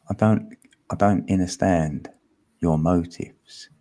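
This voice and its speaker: A man's voice: low voice, mellow. A man hosting a live stream panel in casual, slangy chat, laughing often.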